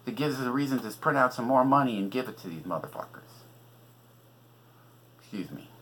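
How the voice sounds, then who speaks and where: A man's voice: medium pitch, lively intonation, brisk, fairly bright tone, slight background noise, poor audio. A middle-aged man from California hosting a podcast, delivering an agitated, profane political rant with sarcastic asides. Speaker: podcast host and author. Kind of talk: ranting political monologue.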